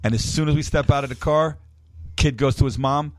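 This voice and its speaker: A man telling stories on a radio show in casual chat, lively and acting out the voices of others. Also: mid-range voice, brisk, dry recording. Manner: animated storyteller, acts out voices. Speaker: reality TV show guest.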